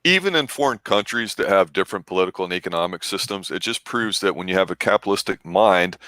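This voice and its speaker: A man's voice: sits low, bright, forceful tone, no echo. A man co-hosting a movie review show, telling long, jokey stories in casual chat.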